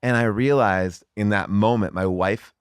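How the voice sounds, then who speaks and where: A middle-aged man chatting as a guest, telling a story in a lively way with lots of fillers and some swearing. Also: fairly low pitch, measured pace, smooth, no echo, clean studio sound. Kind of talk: casual chat.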